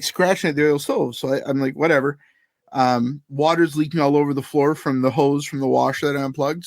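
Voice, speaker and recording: A man's voice: medium pitch, gravelly, no room sound, clean studio sound. A man co-hosting a podcast, telling a long story in casual chat, swearing often and acting out what people said. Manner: profane, animated anecdote telling. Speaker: podcast co-host.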